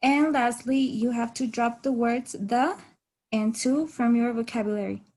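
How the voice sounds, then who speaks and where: A young woman whose first language is Spanish speaks in English with a fairly high voice. She explains each point to her class in steady, instructive sentences. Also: measured pace, poor audio. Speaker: student presenter. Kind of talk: class presentation.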